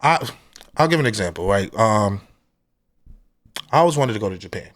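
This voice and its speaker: A man's voice: fairly low pitch, lively intonation, moderate pace, a bit bright. A man co-hosting a podcast, telling loose, profane stories about his family in casual chat. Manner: storytelling, loose and profane, acts out family quotes. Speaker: podcast co-host.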